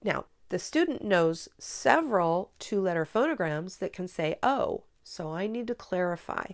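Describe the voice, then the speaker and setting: A woman training teachers in a spelling method, explaining clearly and deliberately in a coaching tone. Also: lowish voice, lively intonation, no echo, studio quality. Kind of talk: instructional teaching demonstration.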